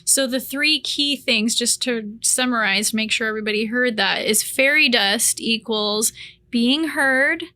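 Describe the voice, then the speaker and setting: A woman host clearly recapping the guest's key points for listeners. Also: fairly high pitch, unhurried, bright, forceful tone, dry recording. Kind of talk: summarizing for listeners.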